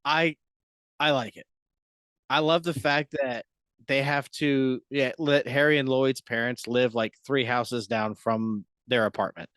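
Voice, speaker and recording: A man's voice: medium pitch, steady tone, measured pace, fairly bright tone, clean tone, no room sound. A man discussing a movie in a casual podcast chat, giggling and stammering through restarts.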